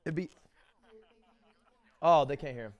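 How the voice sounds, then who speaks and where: A young man livestreaming from his home setup, hosting a virtual talent show in VR with energetic, joking, quick-to-laugh chatter. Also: on the high side, dry recording, muffled recording. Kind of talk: casual livestream chat. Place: home streaming setup, playing in VR.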